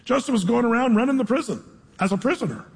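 A male preacher with a husky, fairly high voice. He reads scripture with slow, dramatic weight, then slips into a loose, chatty retelling. A long reverb trails his words through a large hall. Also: very animated. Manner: informal storytelling with dramatic slow reading. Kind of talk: sermon, reading scripture then retelling the story.

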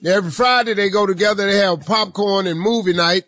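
A man's voice: high-pitched, fast talker, bright, forceful tone, faint music behind. Playful drawling male radio host. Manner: playful, drawling, sing-song asides. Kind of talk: comic advice reading.

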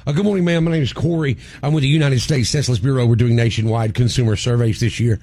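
A man's voice: mid-range voice, steady tone, fast talker, a little mellow, a little hiss or hum. A man hosting a morning radio show, doing a polite, official-sounding prank call.

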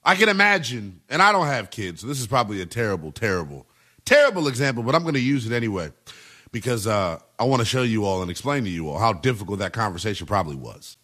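A man hosting a sports talk radio show, delivering an emphatic, animated monologue with lots of repetition. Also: on the low side, fast.

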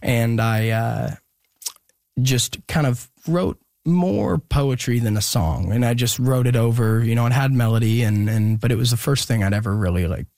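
A young man telling a personal story in an interview, halting and earnest with many pauses and restarts. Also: medium pitch, vocal fry, darkish tone, no echo, studio quality. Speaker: guest musician.

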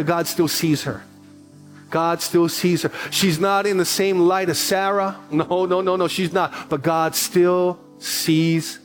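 A high-pitched man in his forties, serving as pastor, preaches a sermon built around a personal story. He drops in quick asides and repeats phrases as he goes.

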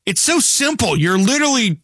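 A man's voice: extremely high pitch, big pitch swings, brisk, fairly bright tone, dry recording. A male host from the asks his guest questions and jokes sarcastically in casual chat. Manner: joking, sarcastic. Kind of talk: casual talk show chat.

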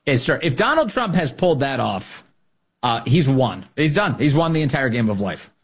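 A man hosting a podcast, giving casual, mocking commentary and jumping up high in pitch for emphasis. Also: very animated, moderate pace, husky. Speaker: podcast host.

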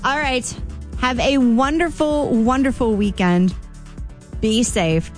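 A woman's voice: fairly high pitch, slow pace, faint music behind. A woman hosting a morning radio show in a studio, talking in a chatty, effusive way with plenty of ums and some playful teasing. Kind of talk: casual on-air chat.

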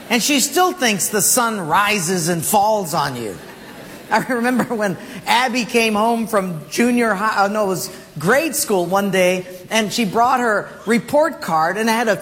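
A man's voice: high-pitched, a bit bright, slightly rough. A man preaching a sermon as a pastor, telling jokey stories and laughing along with them. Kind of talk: humorous sermon storytelling. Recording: long hall reverb, faint background noise.

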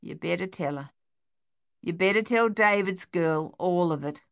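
A woman voicing a sharp-tongued, spry old woman in an audiobook, with a dry, tart, unhurried manner. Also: on the low side, gravelly, smooth. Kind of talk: audiobook character voice.

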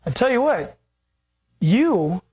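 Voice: mid-range voice, big pitch swings, slow pace, a little mellow, breathy edge, exaggerated voice. A preacher voicing Naomi as a chatty, scheming older mother-in-law who speaks in casual modern slang, during a sermon retelling.

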